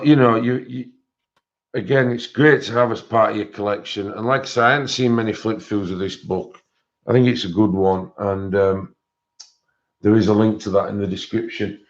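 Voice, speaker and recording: A man's voice: on the low side, steady tone, normal speed. Man hosting a chatty live stream. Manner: rambling, friendly, greets viewers by name. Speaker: colouring channel host. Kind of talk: casual live stream chat. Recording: dull lo-fi stream audio.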